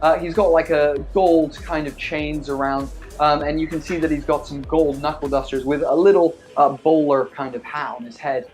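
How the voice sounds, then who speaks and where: A man's voice: fairly high pitch, steady tone, normal speed, hardly any pauses, a little mellow, soft background music. A man running a tabletop game as game master, describing scenes with many fillers. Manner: rambling, filler-heavy description.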